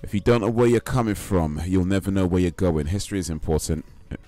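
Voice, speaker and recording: A man's voice: deep voice, fast talker, dark tone, soft background music. A young man chatting casually while streaming a game, in a rambling, laid-back, slangy way. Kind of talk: casual live-stream chat while gaming.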